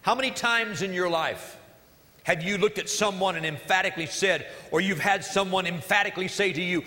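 A man's voice: high-pitched, fairly quick, bright, forceful tone, in a large hall. A male pastor preaching a sermon in an earnest, emphatic way, repeating key phrases, during a church service.

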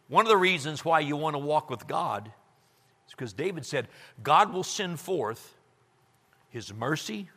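A man with a high, lively voice preaches slowly and deliberately. He swings from ringing cries down to near whispers. His voice carries a long reverb from a large hall. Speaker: pastor. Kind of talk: sermon.

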